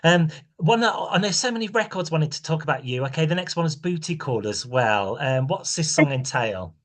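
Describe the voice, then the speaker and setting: A man's voice: on the high side, expressive, moderate pace, fairly bright tone. A man from the United Kingdom hosting a show, asking questions with many hesitations and restarts. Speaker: radio show host interviewer. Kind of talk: casual interview.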